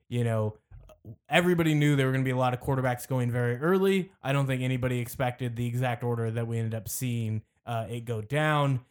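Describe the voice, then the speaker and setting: Male podcast host, mid-pitched, relaxed rambling sports talk. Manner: relaxed, rambling with fillers and restarts. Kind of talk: casual sports chat.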